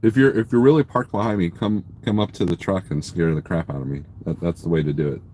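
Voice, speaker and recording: A man's voice: low-pitched, fast, warm tone. A man live-streaming from his parked truck at a truck stop, casually rambling, joking and teasing viewers as he reads their comments. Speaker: trucker livestreamer.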